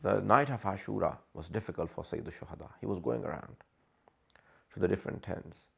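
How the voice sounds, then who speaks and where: A man narrates a religious sermon with a deeply gravelly, rough texture to his voice. His storytelling is impassioned, and his voice lifts and strains as the emotion builds. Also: a little fast, a bit bright. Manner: impassioned storytelling, voice rising and straining when quoting. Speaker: speaker.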